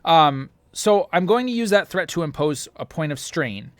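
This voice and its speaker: A man's voice: a little high, expressive, moderate pace, dry recording. A man narrating a tabletop role-playing game as game master, rambling with many fillers.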